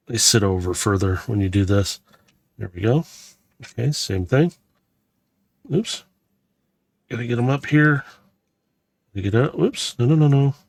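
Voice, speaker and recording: Speaking at medium pitch with no room sound, a Missouri man narrates a Lego build for his channel. His running commentary is casual and rambling, with lots of fillers and self-corrections.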